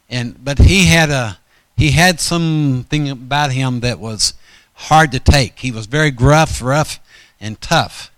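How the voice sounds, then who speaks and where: A man's voice: medium pitch, fairly bright tone, clean tone, no echo. A man preaching a storytelling sermon in a folksy, rambling way, often correcting himself mid-sentence.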